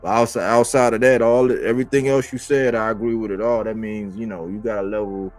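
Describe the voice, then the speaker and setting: Casting: male livestream host, lower voice, easygoing boxing talk over a video call, music faintly behind. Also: flat delivery, fast talker, darkish tone. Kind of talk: casual boxing chat on a livestream.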